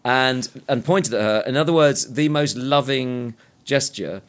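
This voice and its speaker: A man's voice: medium pitch, a little slow. A man co-hosting a podcast, telling a rambling story in casual chat with many restarts. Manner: anecdotal, rambling with restarts, mimes gestures. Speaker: podcast co-host.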